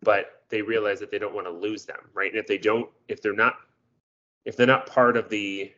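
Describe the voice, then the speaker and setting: Low-pitched man musing in casual chat. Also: flat delivery, normal speed, bright, forceful tone, muffled recording. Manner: thoughtful, agreeable, lots of "right?". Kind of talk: casual podcast discussion.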